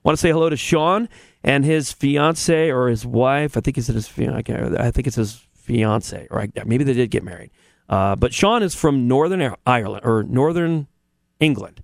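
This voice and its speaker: A man's voice: mid-range voice, normal speed, gravelly, no room sound, studio quality. A man hosting a radio show in a casual, rambling chatty way, with restarts. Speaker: radio host.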